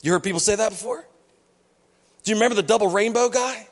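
A fast-talking pastor with a high-pitched voice gives a sermon in a church hall. The tone is conversational, and whenever he quotes someone, he acts out their voice.

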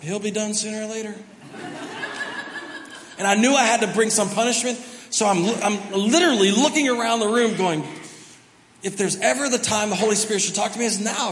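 A man, the pastor, telling a family story during a sermon, animated and self-mocking. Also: sits high. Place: large church auditorium. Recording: reverberant hall, faint background noise.

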